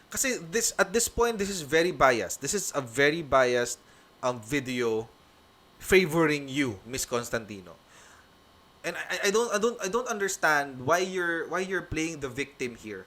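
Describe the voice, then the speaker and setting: Filipino male reaction host, bright and slightly high voice, emphatic and repetitive. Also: sing-song, moderate pace. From Philippines. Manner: emphatic, repetitive, mixing English and Tagalog. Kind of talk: heated reaction commentary.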